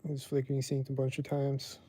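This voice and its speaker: A man's voice: mid-range voice, completely flat delivery, a little fast, warm tone, breathy edge, no echo. A man hosting his own livestream podcast, talking casually and rambling with lots of "like" fillers. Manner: rambling, heavy use of "like". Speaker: livestream host.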